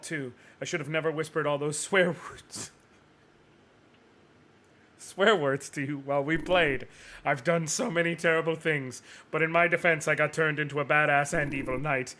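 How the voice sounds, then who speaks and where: A man voicing an arrogant, cruel villainous knight from a game, reading the lines theatrically with music playing behind him. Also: on the high side. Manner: theatrical, gloating, swings to shouting rage. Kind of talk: dramatic reading of game dialogue.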